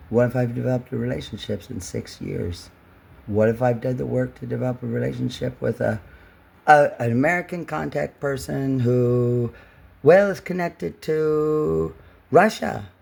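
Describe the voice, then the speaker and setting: A man's voice: mid-range voice, unhurried, vocal fry, a little mellow, slightly rough. A man vlogging in a rambling, emotional monologue, full of repeats and restarts. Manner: emotional, repetitive, many restarts with "well".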